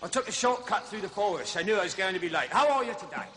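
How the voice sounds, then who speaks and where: A man's voice: high-pitched, expressive, quick pace, background noise. An actor playing a chattering, chuckling male zookeeper who hosts zoo films, a little out of breath, in a TV comedy sketch. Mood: chummy. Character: jolly blustering male zookeeper safari host. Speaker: zoo film host.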